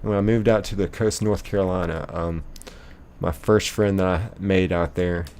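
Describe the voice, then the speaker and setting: A man's voice: deep voice, fairly even intonation, normal speed, a little mellow. A young man streaming live, casually reading chat messages aloud and rambling with lots of ums and likes.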